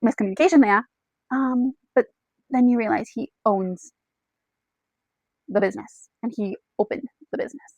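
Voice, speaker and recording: A woman recaps a book's story, pulling the listener in by calling them "you" and scattering "like" through her talk. Her voice sits a little high, and the sound is close and dry with no room around it. She talks as a book reviewer chatting to her audience. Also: moderate pace, pauses often, a little mellow, dry recording, poor audio. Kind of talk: casual plot retelling to camera.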